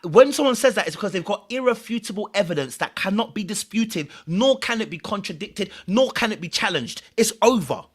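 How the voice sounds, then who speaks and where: High bright-voiced man breaking down clips. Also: a little fast, few pauses, slightly rough. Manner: explanatory, animated, repeats phrases. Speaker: host and commentator. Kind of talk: reaction commentary on reality TV clips.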